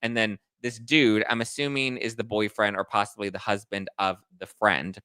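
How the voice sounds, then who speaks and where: A man hosting a celebrity gossip commentary show, telling the story in an animated, sarcastic way. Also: fairly low pitch, clear, resonant tone, dry recording. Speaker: host.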